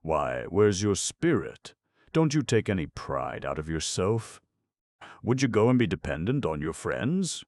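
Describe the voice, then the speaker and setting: A man's voice: sits low, very animated, a little slow, darkish tone, no room sound, clean studio sound, pitched above the performer's own voice. A man voicing a cocky young boy pickpocket who boasts in street slang. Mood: swaggering.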